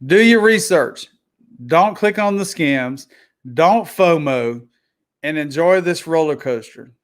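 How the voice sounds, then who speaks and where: A man with a Texas accent speaks as a guest in an easygoing way. His voice is smooth and a little high, and he often repeats a word as he starts a sentence. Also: expressive, slow. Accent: Texan. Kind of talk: casual chat.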